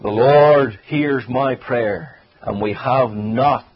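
A man preaching a sermon earnestly, swelling and then dropping his voice for emphasis and slowing down on key phrases. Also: mid-range voice, slightly rough, highs cut off.

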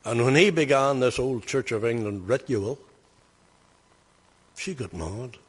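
A man's voice: mid-range voice, animated, measured pace, slightly rough, in a large hall. An older man, preaching by telling stories in a folksy, anecdotal way that rises to emphatic bursts. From Northern Ireland. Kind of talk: sermon storytelling.

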